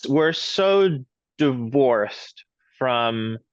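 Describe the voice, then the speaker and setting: A man's voice: medium pitch, animated, very slow, no echo. A laid-back man co-hosting a casual podcast, blunt and casually profane. His voice comes through a dull, lo-fi mic with a completely dry, deadened sound. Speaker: podcast co-host.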